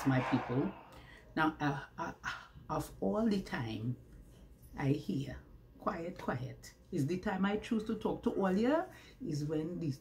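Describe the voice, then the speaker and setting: A woman's voice: deep voice, darkish tone, a little hiss or hum. A woman talking to her viewers from home, chatty and preachy, asking rhetorical questions. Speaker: vlogger. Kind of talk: casual vlog monologue. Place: at home, indoors. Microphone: camera facing her, with ring light.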